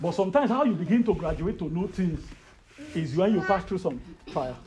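A man with a Nigerian accent preaching a sermon, telling a personal story in an animated, rising voice. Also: sits high, fairly quick. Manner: animated, rises to loud excited storytelling.

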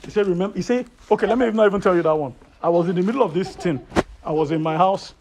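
A man with a Nigerian accent preaching a sermon, telling a personal story in an animated, rising voice. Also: high-pitched, fast. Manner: animated, rises to loud excited storytelling.

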